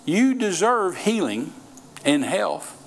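A man's voice: high-pitched, very animated, takes it slowly, vocal fry. A middle-aged man preaching a sermon, telling folksy stories and repeating phrases for emphasis.

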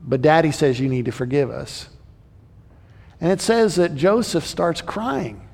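Animated male preacher in a reverberant hall. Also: a little high, measured pace, vocal fry. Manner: animated, voices the brothers and Joseph in paraphrase. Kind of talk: sermon.

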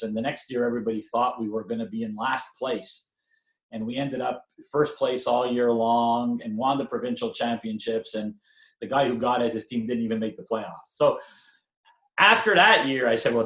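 A man's voice: mid-range voice, a bit bright. Older man coach in a roomy space. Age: 60s. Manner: rambling, self-deprecating, chuckles, many fillers and restarts. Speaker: basketball coach, interview guest. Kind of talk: casual interview talk.

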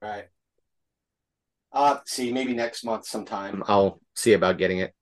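A man's voice: fairly low pitch, a little slow. A man co-hosting a podcast, chatting casually and joking over a video call. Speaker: podcast co-host. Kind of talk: casual chat.

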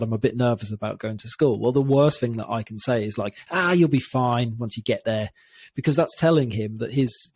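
Husky, reflective man. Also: medium pitch, a little mellow. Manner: open, reflective, halting with many restarts. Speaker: guest. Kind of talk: candid interview talk.

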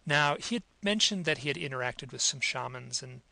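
Guy hosting an interview, kinda gravelly and bright, lots of uhs and ums. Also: mid-range voice, animated, a little fast, no echo. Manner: hesitant, many fillers. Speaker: podcast host. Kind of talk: interview conversation.

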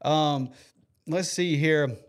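Speaking extremely slowly in a fairly high voice, an American man hosts a faith podcast. His storytelling is earnest and emotional, marked by frequent fillers and restarts.

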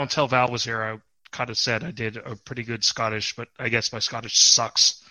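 A man hosting a podcast in casual, chatty conversation, self-deprecating and relaxed, on a close mic. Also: medium pitch, normal speed, few pauses, dry recording, low-quality recording. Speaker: podcast host.

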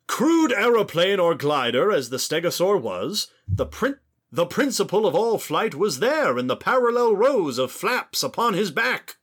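A man voicing a pompous old-timey British gentleman writer, declaiming theatrically in a put-on old-fashioned British accent. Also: sits high, big pitch swings, a little slow, breathy edge, pitched above the performer's own voice, exaggerated voice. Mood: grandiloquent.

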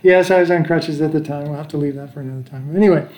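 Talking very fast in a slightly mellow, highish voice, a sixty-something American man tells a long, meandering travel story, restarting sentences and chuckling as he goes. The recording is echoey.

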